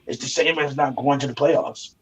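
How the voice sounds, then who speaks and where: A man co-hosting a casual sports debate, argumentative and teasing, a little hoarse from arguing. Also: medium pitch, steady tone, normal speed, fairly bright tone. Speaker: show co-host.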